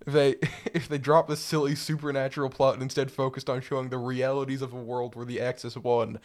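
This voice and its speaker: A man's voice: medium pitch, flat delivery, brisk. A man talking in a crude, rambling way, often laughing, during a casual podcast chat. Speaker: co-host.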